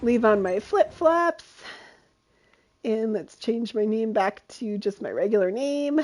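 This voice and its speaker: Giggly high-voiced woman streaming a game. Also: lively intonation, slow, darkish tone, faint music behind. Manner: giggly and playful, laughs often. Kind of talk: casual gameplay commentary.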